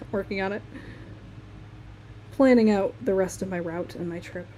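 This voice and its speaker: A woman's voice: medium pitch, a little slow, warm tone, a little hiss or hum. Chatty Midwestern woman streaming her sketching. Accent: Midwestern American. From Michigan, USA. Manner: chatty, laughs often, talks while working. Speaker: artist streaming live. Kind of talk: casual chat while drawing on a live stream.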